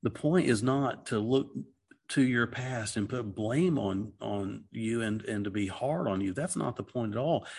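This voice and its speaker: A man's voice: mid-range voice, measured pace, gravelly, a little mellow, slightly rough. A middle-aged man talking through a Bible passage in casual discussion, earnest and rambling, with many restarts and "okay"s. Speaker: Christian teacher.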